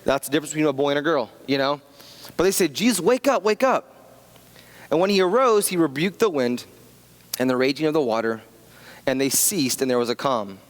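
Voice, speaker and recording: A man's voice: medium pitch, fast talker. A man in his thirties preaching a casual sermon, joking about his family and rambling into asides. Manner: chatty and self-deprecating, many restarts and asides. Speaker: pastor. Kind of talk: conversational sermon with personal stories. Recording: long reverb of a church hall.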